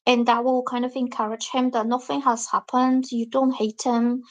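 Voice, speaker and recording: A woman's voice: fairly high pitch, moderate pace, muffled recording. A woman reading tarot cards on a live stream. She chats with her viewers, reads their comments out, and explains each card. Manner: lively, acts out quoted reactions. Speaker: tarot reader.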